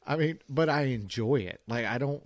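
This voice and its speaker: A man's voice: medium pitch, moderate pace, dry recording, clean studio sound. Chatty man musing about work. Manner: reflective, chatty, with repeated restarts. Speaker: podcast co-host. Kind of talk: casual shop talk.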